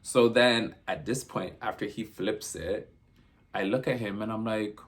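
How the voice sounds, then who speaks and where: A man's voice: lowish voice, unhurried. A man vlogging a casual storytime, rambling through his retelling and leaning on constant "I'm like" to report what was said.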